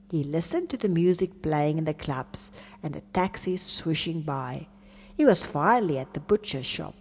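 A woman reading a children's story aloud in an expressive, animated way. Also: fairly low pitch, slightly rough. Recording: long reverb.

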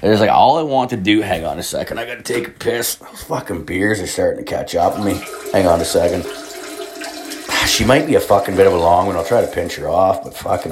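A man with a fairly low voice tells a long casual story. He rambles, swears constantly and piles on filler words. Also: slight background noise.

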